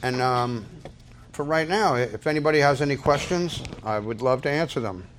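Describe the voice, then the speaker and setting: A man's voice: mid-range voice, normal speed, background noise. An older man telling a personal story to an audience, rambling casually with many restarts and fillers. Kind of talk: casual spoken anecdote.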